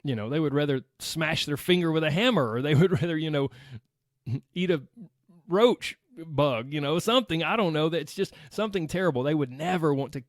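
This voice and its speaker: Speaking a little fast in a slightly high voice, this podcast host chats upbeat and solo with his audience in a Southern American accent. He's from the United States, and the studio-quality audio has no room sound.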